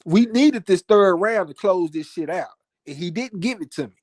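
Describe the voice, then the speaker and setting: A man co-hosting a casual live-stream talk show, animated and profane, often repeating words as he gets worked up. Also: high voice, moderate pace, no echo, studio quality. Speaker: podcast co-host. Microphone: home mic on live stream, cutting out.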